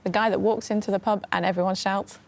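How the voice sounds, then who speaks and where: Woman, quiz contestant, middle pitch, tentative, thinking aloud. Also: steady tone, quick pace, a little hiss or hum. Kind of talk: team discussion in a quiz. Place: TV studio.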